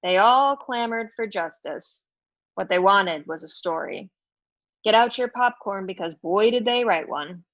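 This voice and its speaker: A woman's voice: mid-range voice, animated, a little slow, fairly bright tone, no echo, lo-fi sound. A woman reading her own novel aloud as a defiant, sarcastic woman in her fifties just out of prison, with a flip, cheeky manner. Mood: scornful.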